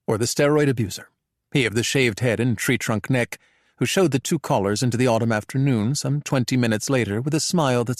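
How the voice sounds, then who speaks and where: A male audiobook narrator reading a suspense thriller in a measured, even delivery at a middling pitch. His voice is recorded close and dry, with no room sound around it. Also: dry recording.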